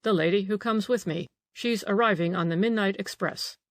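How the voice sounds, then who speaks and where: A female narrator plays a charming young gentleman who coaxes and teases with a demure playfulness. The reading is dry and close-miked, as in a storybook. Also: mid-range voice, normal speed, dry recording, lightly acted. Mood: coaxing. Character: charming, teasing young gentleman invalid, man.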